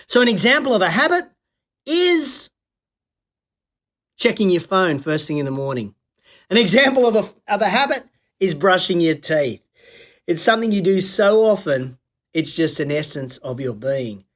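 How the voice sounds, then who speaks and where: A man's voice: high voice, sing-song, moderate pace, a bit bright. A middle-aged Australian man hosting a live-streamed business show, chatty and coach-like, greeting viewers by name with folksy slang.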